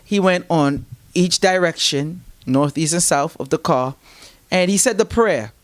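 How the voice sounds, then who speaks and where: A man's voice: on the high side, unhurried. A man being interviewed who tells his stories animatedly, acts out the voices of people he quotes and gives spiritual advice. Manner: lively, acts out quoted voices, laughs mid-story. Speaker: interview guest.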